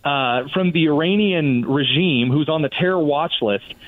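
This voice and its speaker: A man with a slightly raised voice comes through a tinny phone connection, dry and close. He talks as a radio guest, animated and sarcastic, often slipping into mocking voices. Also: fairly high pitch, measured pace, no echo. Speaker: guest commentator. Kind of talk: political radio talk. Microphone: phone line. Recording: tinny phone-line sound.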